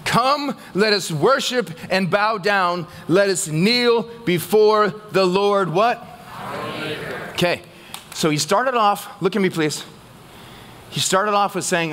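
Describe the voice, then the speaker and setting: A man pastor preaching a sermon to his church, asking the congregation questions and pausing for their answers. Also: sits high, a bit bright, slight background noise.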